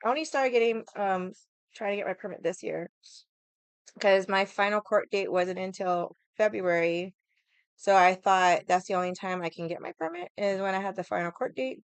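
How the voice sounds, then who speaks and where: A woman's voice: mid-range voice, normal speed, clear, resonant tone, dry recording. A young woman chatting casually with viewers on a livestream, rambling, swearing freely and laughing often. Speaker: livestream vlogger.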